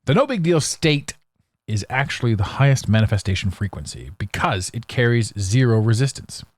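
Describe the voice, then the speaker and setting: A man hosts his own podcast alone, speaking bluntly with a sarcastic edge and stumbling restarts. His pitch swings widely as he gets worked up. The recording is dry and close, with no room sound. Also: sing-song, normal speed, no room sound. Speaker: podcast host. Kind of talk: solo podcast monologue.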